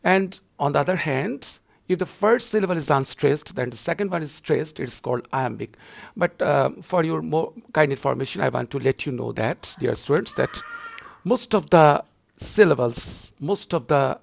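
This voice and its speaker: A man's voice: fairly high pitch, moderate pace, vocal fry. A male university lecturer explaining poetry scansion to students in a repetitive, explanatory way, with frequent filler words.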